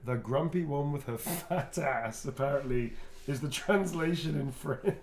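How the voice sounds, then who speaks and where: A man's voice: mid-range voice, unhurried. A middle-aged man, an actor, chatting casually and rambling with frequent laughs while he signs autographs. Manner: relaxed, rambling, laughs often. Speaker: actor guest signing autographs. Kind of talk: casual chat while signing. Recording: roomy echo, faint background hum.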